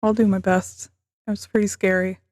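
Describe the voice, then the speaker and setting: A woman's voice: mid-range voice, level tone, normal speed, a little mellow. A woman streaming a video game from home, talking to herself in jumpy, frequently swearing commentary with nervous laughs. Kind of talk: live gameplay commentary.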